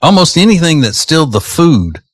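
A man's voice: a little high, very animated, normal speed, no echo. A man co-hosting a morning radio show in a studio, laid-back and laughing easily as he talks about food. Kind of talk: casual morning show banter.

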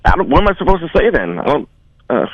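A man on a radio call, speaking in a halting, defensive, dismissive way. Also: a little high, very animated, husky, dry recording, muffled recording. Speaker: caller on a radio segment. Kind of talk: on-air phone conversation.

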